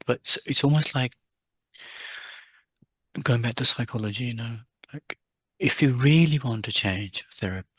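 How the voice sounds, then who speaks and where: Middle-aged guy teaching buddhism, husky, dry close sound, chatty and restarts a lot. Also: mid-range voice, a bit bright, no room sound. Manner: conversational, many restarts, quotes his teacher with raised voice. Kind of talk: dharma talk to students.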